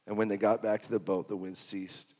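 A man preaching a sermon, swinging from hushed to loud and repeating phrases for emphasis. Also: fairly low pitch, little pitch movement, brisk. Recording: long hall reverb.

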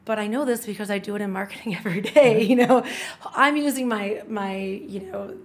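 Chatty middle-aged woman, animated talk. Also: medium pitch, a little fast. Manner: chatty, restarts often, enthusiastic. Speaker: guest. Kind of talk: casual podcast conversation.

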